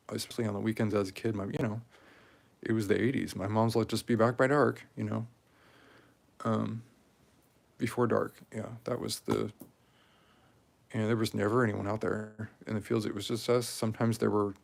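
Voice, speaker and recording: A man in his forties talking casually and rambling while he strings beads, with many pauses and fillers. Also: fairly low pitch, creaky. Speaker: craft video maker. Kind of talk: casual talk while crafting.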